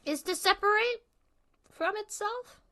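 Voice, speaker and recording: A woman's voice: very high-pitched, unhurried, pushed and bright. A young woman streaming a horror game. She reads the on-screen text aloud and rambles in a casual, self-deprecating way while eating dinner.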